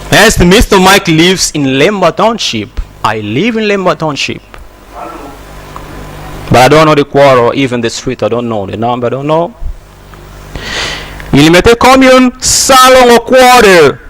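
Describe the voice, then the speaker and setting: Congolese guy teaching english on tv, pretty high voice, takes it slow, repeats everything. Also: lively intonation, a bit bright. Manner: slow, repetitive teaching with example sentences. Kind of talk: broadcast English lesson.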